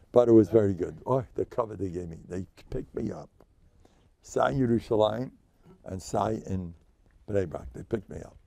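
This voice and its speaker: An older rabbi, dropping into his talk. His voice is gravelly and sits at an ordinary pitch, recorded dry and close. He lectures in a joking, boastful, self-mocking way. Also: darkish tone, no room sound. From United States. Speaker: rabbi giving a class. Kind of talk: informal Torah lecture.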